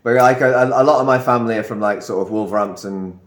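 A man from England co-hosting a podcast, chatting casually and telling lively stories. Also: mid-range voice, fast talker. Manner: storytelling, animated when acting out quotes. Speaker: podcast co-host. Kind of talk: casual chat. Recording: roomy echo.

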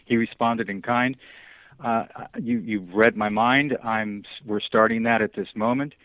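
A man being interviewed over the phone, talking earnestly and haltingly, with many fillers and restarts. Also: fairly low pitch, steady tone, no room sound. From Southern California. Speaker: guest. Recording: dry, tinny phone line.

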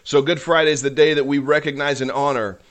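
Fervent preacherly podcast host. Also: male voice, on the high side, steady tone, fast, a bit bright. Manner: fervent, preacherly, voice rising with passion. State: choked up. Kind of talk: emotional faith-based commentary.

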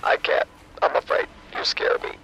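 A man's voice: moderate pace, bright, forceful tone, lo-fi sound, soft background music, lightly acted. A man voicing a timid, frightened man who whispers his lines. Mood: fearful. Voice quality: whispered, breathless.

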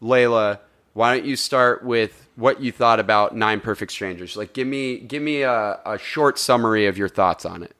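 A man's voice: on the low side, moderate pace, a bit bright. A man hosting a podcast in casual comedic chat, rambling and joking, swearing freely. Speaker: podcast host.

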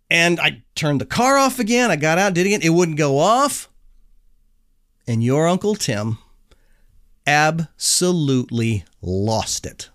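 A middle-aged man telling a casual personal anecdote in an animated, self-deprecating way, chuckling as he goes. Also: on the high side, dry recording, studio quality. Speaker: storyteller.

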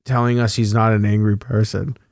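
A man's voice: on the low side, little pitch movement, brisk, vocal fry, darkish tone, no echo, studio quality. A young man co-hosting a casual chat show, swearing freely and laughing through his stories. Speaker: podcast co-host.

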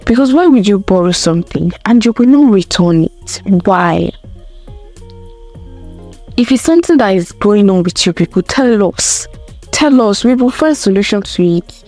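A woman's voice: mid-range voice, lively intonation, normal speed, mellow, faint music behind. A young woman giving a casual opinion rant to camera, emphatic and repetitive, full of rhetorical questions. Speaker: vlogger.

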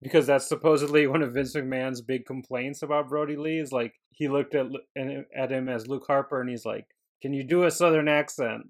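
A man's voice: medium pitch, fairly even intonation, brisk, hardly any pauses. A man co-hosting a casual wrestling podcast, chatting and joking in an easygoing way. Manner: joking, laid-back commentary. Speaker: podcast co-host.

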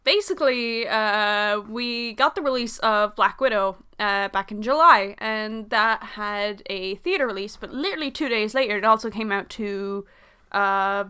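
A woman co-hosting a podcast in casual chat, agreeable and quick to laugh. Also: mid-range voice, pushed and bright, clear, resonant tone. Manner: agreeable, laughs easily, fillers. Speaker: podcast co-host.

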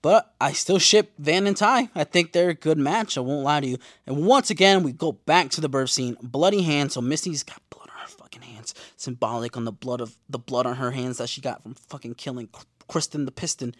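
A young man casually recapping TV episodes from his notes, slangy and profane, with lively asides. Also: on the high side, a little fast, dry recording, studio quality. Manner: slangy, profane, animated storytelling. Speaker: show recap host.

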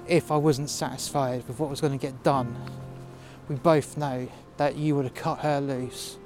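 A man's voice: medium pitch, steady tone, normal speed, a little mellow. A man telling a workplace story outdoors in freezing cold, heated and profane. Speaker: storyteller recounting a workplace dispute. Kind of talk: casual spoken storytelling. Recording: music playing under the voice.

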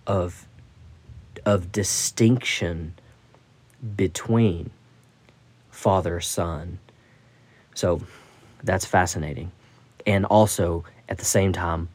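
Man, Bible study host, low voice, unhurried, reflective, self-correcting. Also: a little mellow. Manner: thoughtful, musing, with frequent restarts. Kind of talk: reflective scripture teaching.

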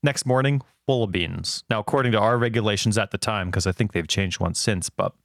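A man in his thirties, co-hosting a casual chat and telling rambling, animated stories with lots of fillers. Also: on the low side, brisk, gravelly, no room sound, studio quality. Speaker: podcast co-host.

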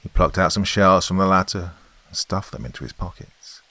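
A man's voice: sits low, expressive, moderate pace, pushed and bright. A man narrating a first-person horror story with a tense, dramatic reading.

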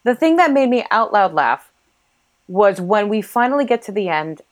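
A woman co-hosts a casual book podcast and reacts to the story with playful enthusiasm. Her voice sits at a middle pitch for a woman, and she jokes along easily. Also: expressive, normal speed. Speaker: podcast co-host.

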